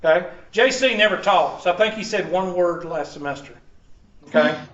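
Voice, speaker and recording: A man's voice: sits high, moderate pace, fairly bright tone. A man, a college math instructor giving a joking, folksy first-day talk to his students in a classroom. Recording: distant, echoey, muffled classroom recording.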